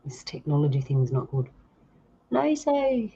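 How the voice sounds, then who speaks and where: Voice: medium pitch, lively intonation, moderate pace. Fifties, livestream host, chatty, laughs a lot, dull lo-fi call audio. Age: 50s. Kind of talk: casual chat on a livestream. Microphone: video call.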